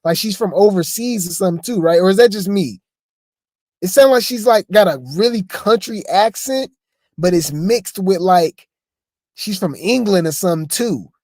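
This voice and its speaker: A man's voice: high-pitched, moderate pace, a little mellow, no echo, studio quality. A man giving casual reaction commentary on video clips, chatty and stammering, throwing asides to his viewers. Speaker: commentary host.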